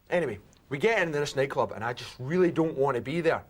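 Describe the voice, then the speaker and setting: A man's voice: medium pitch, lively intonation, quick pace, close to an everyday voice. A young man with a Scottish accent telling a comic story in character, chatty and self-mocking, acting out the other voices. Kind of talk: theatre monologue.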